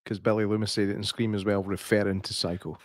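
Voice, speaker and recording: A man's voice: on the low side, level tone, quick pace, no room sound. A Scottish man co-hosting a podcast, teasing his friend in a dry way. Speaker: podcast co-host. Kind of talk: casual chat.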